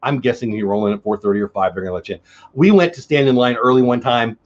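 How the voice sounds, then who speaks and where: A man's voice: mid-range voice, quick pace, dull audio. A middle-aged man hosting a casual news chat show, joking at his own expense as he reads articles aloud. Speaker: host.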